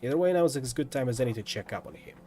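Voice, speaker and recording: A man streaming a visual novel, reading the story aloud with lively, lightly dramatic narration and casual asides. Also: medium pitch, rapid-fire, soft background music.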